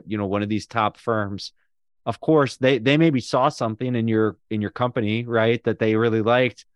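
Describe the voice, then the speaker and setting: A man's voice: lowish voice, clean tone, dry recording, clean studio sound. A man hosting an interview podcast, chatting casually, pushing back and laughing easily. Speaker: podcast host.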